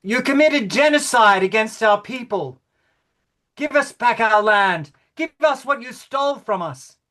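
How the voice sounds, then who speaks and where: A man doing a defiant woman protester, shouting. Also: very high-pitched, animated, unhurried, exaggerated voice. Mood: accusing. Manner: loud, chanting, repeated shouted slogans. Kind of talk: rehearsal reading. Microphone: video call.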